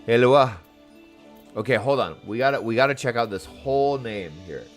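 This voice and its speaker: A man's voice: mid-range voice, moderate pace, soft background music. A man chatting casually while playing a video game, reading its dialogue aloud in playful voices. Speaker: game streamer. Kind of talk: casual gameplay commentary.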